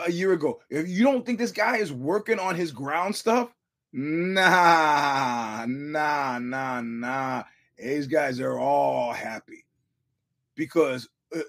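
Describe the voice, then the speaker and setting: A man with a slightly high voice hosts a casual podcast about fights. He spins loose stories and acts out what others said, with plenty of cursing. He often repeats himself as he goes. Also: slightly rough. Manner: storytelling, profane, acts out quotes; repeats words and restarts, chuckles often. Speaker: podcast host.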